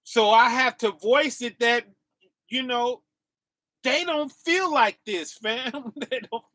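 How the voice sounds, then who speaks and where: Bright-voiced man preaching a loose, slangy sermon. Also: very high voice, slow, no room sound. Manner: casual slang, repetitive "right?" and "y'all"; laughs to himself, dips quiet then bursts loud. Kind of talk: informal sermon.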